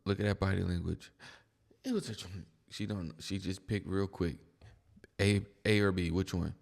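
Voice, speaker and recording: A man's voice: sits low, flat delivery, normal speed, gravelly, in a large hall. A man hosting a reaction video, giving blunt, mocking casual commentary on clips. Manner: blunt, mocking, keeps saying "bro".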